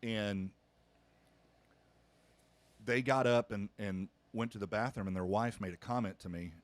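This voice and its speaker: A man's voice: lowish voice, a little slow, no room sound. A middle-aged man, a pastor hosting a podcast, telling a family story earnestly with frequent restarts. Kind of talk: casual podcast conversation.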